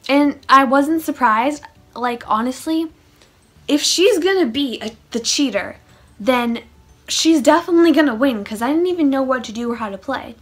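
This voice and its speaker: A woman's voice: sits high, animated, normal speed. A woman chatting through a funny storytime vlog, with sarcastic asides. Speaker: vlogger. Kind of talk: casual storytime monologue.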